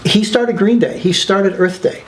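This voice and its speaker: Guy with a higher voice telling war stories in an interview, excited, keeps doing little voices for people. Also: measured pace. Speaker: documentary filmmaker guest. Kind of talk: animated interview storytelling.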